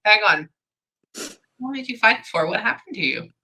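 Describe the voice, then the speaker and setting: A woman's voice: medium pitch, lively intonation, normal speed, pushed and bright. A woman giving a psychic reading to a client, thinking aloud and stopping herself with "hang on" over and over. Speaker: psychic medium.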